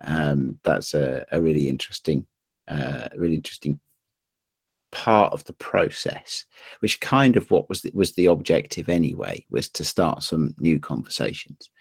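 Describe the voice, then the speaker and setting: A man chatting casually as a podcast co-host, halting with frequent restarts. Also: a bass voice, big pitch swings, gravelly, husky, no echo, clean studio sound. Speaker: podcast co-host and zine publisher. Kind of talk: casual chat.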